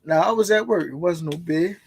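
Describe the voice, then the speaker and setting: A young man talks in a high, gravelly voice. He is loose and laid-back in casual conversation, dropping "you feel me" often. It is easygoing podcast chat. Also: fairly quick, a crowd in the background. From Baltimore.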